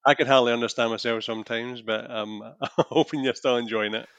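Scottish male co-host, bright tone, easygoing, dry close sound. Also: mid-range voice, steady tone, fairly quick, clear, resonant tone, no room sound. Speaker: podcast co-host. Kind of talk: casual podcast chat.

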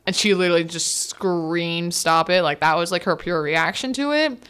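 A woman's voice: lowish voice, moderate pace, a bit bright, smooth. Chatty young woman recapping a movie. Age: young adult. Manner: chatty, laughing, acts out characters' lines. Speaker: podcast host.

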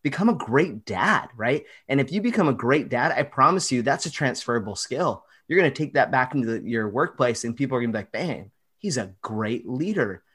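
A man in a mid-pitched voice explaining research as a podcast guest. He is enthusiastic and emphatic, a self-described nerd who clearly enjoys the details. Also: lively intonation, brisk, few pauses, fairly bright tone.

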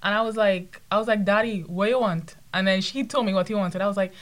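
A woman's voice: medium pitch, fast talker, a bit bright. Young woman musing in casual chat. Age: young adult. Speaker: student panelist.

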